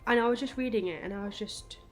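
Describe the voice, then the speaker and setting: A woman's voice: on the high side, fast. Young female vlogger, casual and heartfelt, talking at home over a running washing machine and faint music. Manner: animated, emotional, lots of fillers like "like" and "I don't know". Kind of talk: casual chatty vlog talk.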